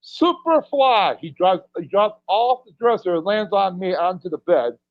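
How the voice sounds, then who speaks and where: A man's voice: high-pitched, normal speed, no echo. A middle-aged man, a pro wrestler as podcast guest, telling rambling anecdotes and chuckling between lines. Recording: dull, dry lo-fi audio.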